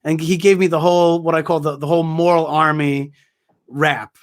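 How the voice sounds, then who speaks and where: A man with a slightly raised voice tells a story in conversation. He is emphatic and forceful in his points, often repeating words and restarting his sentences as he goes. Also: a little high, flat delivery, moderate pace. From Israel. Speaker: guest speaker.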